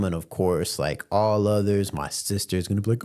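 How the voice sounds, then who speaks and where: A man's voice: on the low side, moderate pace, few pauses, warm tone. A man in his late twenties hosting a podcast, telling a story in a laid-back, slangy way with many fillers. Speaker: podcast host. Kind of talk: casual storytelling.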